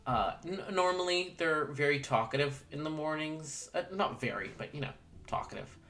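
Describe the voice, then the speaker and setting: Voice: medium pitch, moderate pace, fairly bright tone. A game master narrating a tabletop role-playing scene, hesitant and full of filler sounds.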